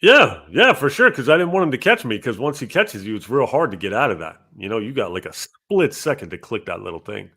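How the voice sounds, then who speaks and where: A man hosting a casual gaming podcast and reading out viewer donations, with animated talk that jumps from loud bursts to low mutters. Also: fairly quick, few pauses, husky. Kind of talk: casual chat.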